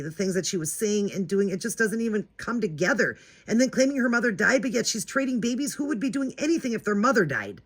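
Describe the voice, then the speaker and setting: A woman's voice: mid-range voice, fairly bright tone. A woman hosting her own vlog, telling a story in a chatty, indignant way and talking straight to her viewers. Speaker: doll-collecting channel host.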